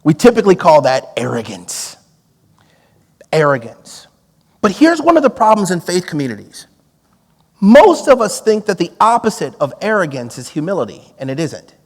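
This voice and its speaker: High-voiced man preaching in a reverberant hall. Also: moderate pace. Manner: animated, acts out quoted dialogue with laughs. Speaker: preacher and former police negotiator. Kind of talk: storytelling sermon.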